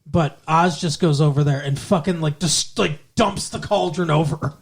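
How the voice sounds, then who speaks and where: A man's voice: a little high, normal speed, creaky, slightly rough. A man co-hosting a podcast, recapping a TV episode in a loose, rambling way with plenty of swearing and filler words. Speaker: podcast co-host. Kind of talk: casual chat recapping a TV episode.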